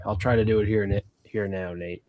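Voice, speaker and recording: A man's voice: lowish voice, fairly even intonation, brisk, no room sound, dull audio. A man from Prince Edward Island with a Canadian accent, co-hosting a casual podcast chat in a laid-back, chatty way, swearing now and then. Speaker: co-host.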